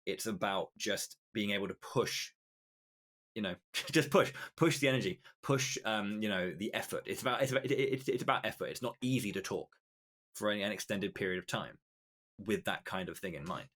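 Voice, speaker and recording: A man's voice: lowish voice, normal speed, fairly bright tone. A British man as a podcast guest, explaining his ideas in a casual chat and often restarting phrases as he thinks aloud. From Britain. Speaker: guest commentator.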